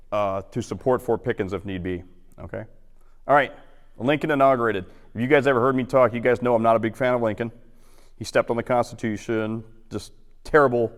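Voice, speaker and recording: A man giving an informal history talk to a roundtable audience, chatty and acting out quotes in lively voices. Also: mid-range voice, in a large hall. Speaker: guest historian. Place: lecture hall.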